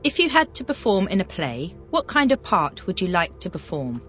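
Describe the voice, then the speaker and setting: Lively-toned teacher voice running a drill. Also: medium pitch, faint music behind. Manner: reads single words, then brisk drill questions. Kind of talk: scripted question-and-answer drill.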